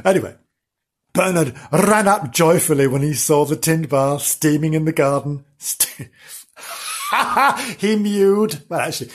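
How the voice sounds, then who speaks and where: A man's voice: on the high side, animated, measured pace. A man reading a children's story comically, rambling and melodramatically self-pitying between passages. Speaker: storyteller host.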